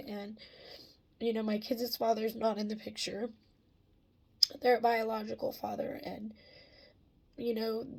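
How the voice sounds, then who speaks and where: Woman vlogger, thirties, gravelly husky voice, emotional rambling chat. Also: fairly high pitch, warm tone. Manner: emotional, rambling, frequent fillers. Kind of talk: casual catch-up vlog.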